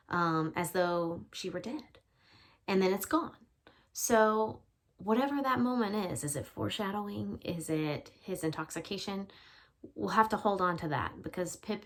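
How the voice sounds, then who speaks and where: A woman English teacher giving a chatty literature lesson, explaining with casual fillers. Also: mid-range voice.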